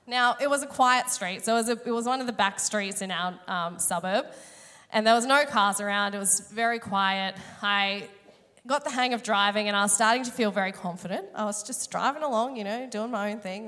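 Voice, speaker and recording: A woman's voice: medium pitch, fairly quick, bright, forceful tone. A woman, preaching a sermon through a chatty, self-mocking personal story, her voice a little strained today. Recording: long hall reverb.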